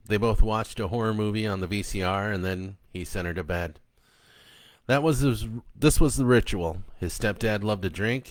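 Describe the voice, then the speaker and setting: A low-pitched man chats easily about his book before reading it aloud, relaxed and unhurried. The sound is dry, close and plain. His speech carries casual filler words throughout. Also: dry recording. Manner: relaxed and chatty, with many ums and uhs. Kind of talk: casual intro and story reading.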